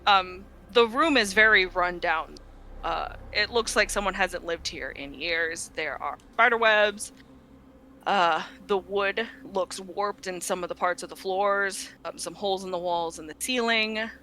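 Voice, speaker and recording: A woman game master narrates a tabletop game in a bright, forceful voice at a middling pitch. She describes each scene loosely, with plenty of ums and self-corrections. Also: unhurried, slight background noise.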